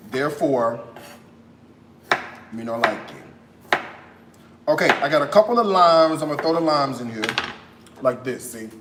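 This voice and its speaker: Sassy American male cooking host, chatty and bouncy in pitch, roomy echo. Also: noisy background. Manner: sassy and animated, tags lines with "okay?". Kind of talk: casual live-stream chat while cooking.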